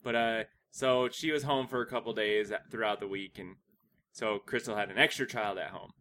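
Co-host parent, a woman with a very deep voice, easy chat, quick agreeing interjections. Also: steady tone, a bit bright. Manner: chimes in with short agreeing remarks. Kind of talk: casual chat.

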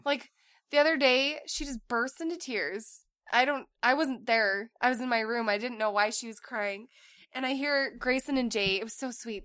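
A woman chatting casually with her co-host about family life, telling stories with animated delivery and acting out her kids' lines. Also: a little high, no room sound, studio quality. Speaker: co-host, parent.

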